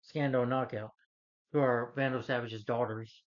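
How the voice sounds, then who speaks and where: A man in a mid-pitched voice talks through a film plot in a loose, rambling way, leaning on fillers. The recording sounds dull and lo-fi. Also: fairly even intonation, moderate pace. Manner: rambling, full of fillers like "you know" and "like". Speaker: film reviewer. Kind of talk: casual spoken movie recap.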